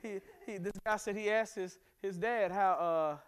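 A man, a pastor from America, preaching a sermon in a church, animated and humorous, with sudden bursts of emphasis. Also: high-pitched, moderate pace, clean tone. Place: church sanctuary.

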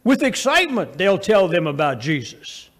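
A man preaching, his voice sitting high for a man. He tells homey stories about babies and parents, pushing some lines up with emphasis and dropping others to a quiet murmur. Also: sing-song, moderate pace. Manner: folksy storytelling, swings from raised emphasis to low quiet asides. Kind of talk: sermon.

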